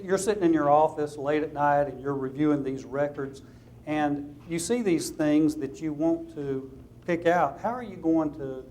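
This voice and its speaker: A man's voice: a little high, darkish tone, a little hiss or hum. A man with a Southern US accent giving a conversational seminar talk to fellow attorneys. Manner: conversational, practical, with light anecdotes. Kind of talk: conference presentation to lawyers.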